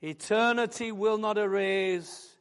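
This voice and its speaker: A man preaching a sermon, building fervently into loud, emphatic declarations. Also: sits high, fairly even intonation, slow, clear, resonant tone.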